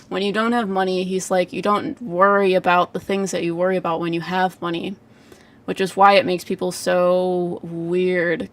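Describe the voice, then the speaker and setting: A woman giving live psychic readings in a casual livestream chat, full of "like" fillers, frequent laughs and casual swearing. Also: fairly low pitch.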